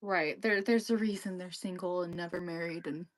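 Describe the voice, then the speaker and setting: A woman's voice: on the low side, steady tone, moderate pace, rough recording. A woman co-hosting a casual live chat, agreeing often and chiming in with short replies. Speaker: co-host of a live stream.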